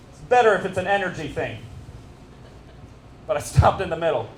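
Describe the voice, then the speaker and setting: A man in his fifties doing a stand-up set at a fundraiser, animated and self-mocking as he teases the audience. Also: on the high side, a little fast. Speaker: stand-up comedian. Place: stage at a fundraiser event. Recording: echoey room with crowd noise. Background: audience laughter.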